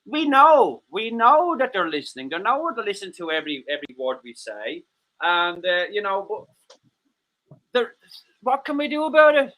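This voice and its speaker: An Irish man co-hosting a casual livestream chat, excitable, swearing and laughing often. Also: high-pitched, moderate pace. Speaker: co-host.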